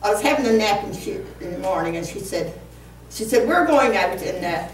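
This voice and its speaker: A woman's voice: medium pitch, expressive, brisk. A woman in her seventies telling a rambling, humorous story to a live audience at a community concert, laughing at herself as she goes. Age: 70s. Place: community hall. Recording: echoey hall, distant mic, faint room noise.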